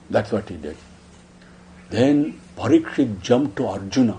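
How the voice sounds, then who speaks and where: A man telling a sacred story in a devotional discourse, emotive, dropping hushed then rising. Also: lowish voice, lively intonation, measured pace, long pauses. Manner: emotive, swinging between hushed and raised. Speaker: spiritual discourse speaker.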